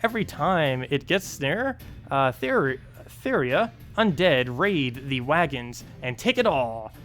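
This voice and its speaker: A man voicing a male dwarf engineer in a video game, speaking in a put-on brogue with a slow, halting delivery full of pauses. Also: on the high side, big pitch swings, a bit bright, soft background music, exaggerated voice. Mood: hearty. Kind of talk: streamer reading game dialogue aloud.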